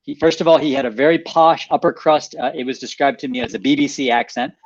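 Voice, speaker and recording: A man, an author guest in a radio interview, animated as he explains a story, restating points and laughing lightly. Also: medium pitch, quick pace, highs cut off.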